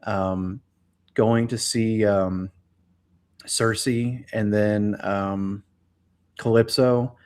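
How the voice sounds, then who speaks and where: A man's voice: on the low side, level tone, drawn-out words, pauses often, a little mellow, smooth. A man speaking as a guest expert on a live-streamed discussion, telling things in a casual, hesitant way with many fillers.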